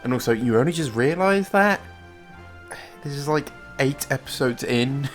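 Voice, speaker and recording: A man from Britain narrates a cartoon review in casual, wry commentary. He laughs at what he describes. His voice sits at a middle pitch, with faint music running underneath. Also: animated, moderate pace. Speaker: host narrating a show review.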